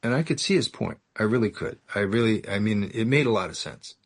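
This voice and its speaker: A man's voice: lowish voice, expressive, a little fast. A man from California giving a self-mocking, sarcastic storytelling share at a recovery meeting, acting out the other people in his story. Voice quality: gravelly, husky.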